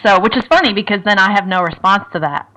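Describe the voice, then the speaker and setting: A wry woman from Minnesota, a guest on a podcast interview, talking in a chatty, joking way with a medium-pitched voice. She laughs easily as she tells her stories. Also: lively intonation, fast talker, bright, forceful tone, low-quality recording.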